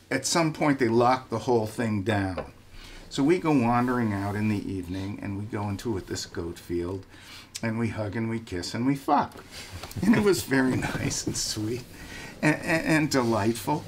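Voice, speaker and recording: A man's voice: medium pitch, lively intonation, normal speed, a little hiss or hum. An older man telling a story from his youth in a candid, self-mocking way, laughing as he goes. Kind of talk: casual spoken anecdote.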